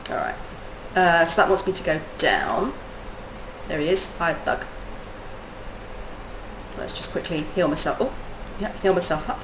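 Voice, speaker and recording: A woman's voice: fairly low pitch, a little slow, pauses often. Chatty woman streamer laughing often. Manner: chatty, laughs often, drifts from soft to lively. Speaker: streamer and adult-education teacher. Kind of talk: casual live-stream chat. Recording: roomy echo, faint background noise.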